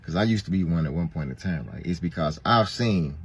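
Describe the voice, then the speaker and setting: A man's voice: deep voice, lively intonation, fast, hardly any pauses, husky, highs cut off. A man casually telling a personal story, bluntly, checking in with "right?" as he goes. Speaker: storyteller in a played clip.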